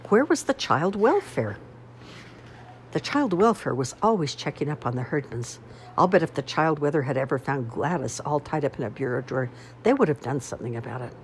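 A woman narrating a storybook in a wry, expressive first-person manner. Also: rumbling low, fast, a little hiss or hum. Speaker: audiobook reader.

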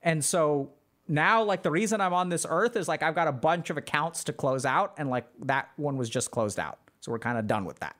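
A man's voice: a little high, animated, normal speed, fairly bright tone. Easygoing male sage, told by a man in his own voice, unbothered and slangy. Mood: calm. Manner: offhand and slangy. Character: calm, unbothered male sage, laid-back.

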